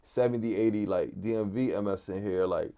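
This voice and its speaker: A man with a Philadelphia accent tells stories in a relaxed, mellow voice. He drifts along casually, leaning on "like" as he talks. His tone stays warm and unhurried. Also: fairly low pitch. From West Philadelphia. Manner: laid-back, many "like" fillers. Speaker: guest, artist and DJ. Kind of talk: casual interview storytelling.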